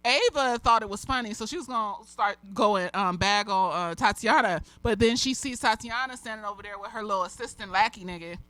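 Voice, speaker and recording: Bright-voiced tipsy woman rambling a TV recap. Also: mid-range voice, fairly quick, few pauses, no echo, poor audio. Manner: rambling, profane, laughs often. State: slightly tipsy. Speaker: TV episode reviewer. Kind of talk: casual chatty TV recap.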